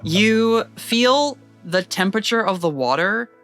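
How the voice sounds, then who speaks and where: A woman runs a tabletop game with a bright, clear voice, and her narration is loose and full of giggles. A faint music bed plays underneath her. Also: medium pitch, expressive, unhurried. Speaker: game master.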